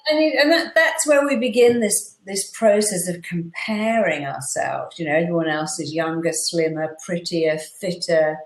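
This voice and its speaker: A middle-aged woman, chatting as an interview guest and acting out quotes with lively storytelling. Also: lowish voice, normal speed, hardly any pauses, echoey room, a little hiss or hum, rough recording. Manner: animated storyteller, acts out quotes. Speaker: guest therapist. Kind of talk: casual interview chat.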